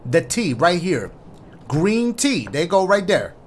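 Hyped gamer dude cursing thru a horror game, chatting to viewers, voice jumping all over. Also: male voice, sits high, slow pace, heavy background noise. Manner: excitable, profane, talks to viewers. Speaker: gaming YouTuber. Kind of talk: let's-play commentary.

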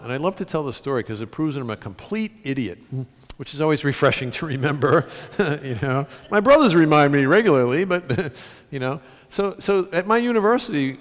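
A man, an author, telling a self-mocking story to a live audience in a concert hall, laughing often. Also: a little high. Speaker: author, guest speaker. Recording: long concert hall reverb.

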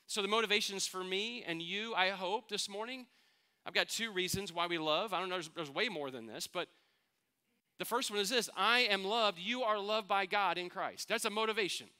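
A man in middle age preaches to his church, talking to them like a friend and asking them questions. His voice sits high for a man and rings bright. It comes through smooth and clean. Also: normal speed. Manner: earnest, conversational preaching with rhetorical questions. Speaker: pastor. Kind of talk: sermon.

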